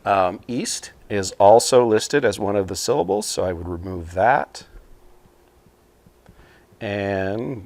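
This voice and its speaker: Low-voiced man explaining at a whiteboard. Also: measured pace, creaky. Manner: relaxed and explanatory, with frequent ums and rights. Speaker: computing teacher. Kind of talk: casual whiteboard lesson explanation. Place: small room at a whiteboard.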